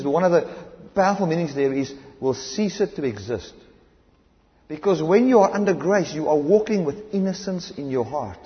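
Male South African preacher, fervent sermon, muffled lo-fi sound, echoing hall. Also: on the high side. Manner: impassioned, swings between loud emphatic and hushed delivery. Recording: dull lo-fi recording in a reverberant hall.

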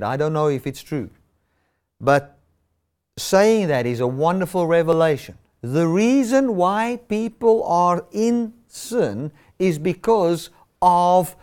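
A man's voice: fairly high pitch, a little mellow. A man preaching a sermon, stressing and repeating key words.

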